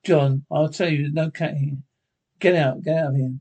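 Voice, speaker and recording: A man's voice: fairly high pitch, fairly even intonation, moderate pace, dark tone, husky. A man playing a tense, secretive young husband who answers curtly and defensively, in 1930s radio acting. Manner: curt, defensive, agitated.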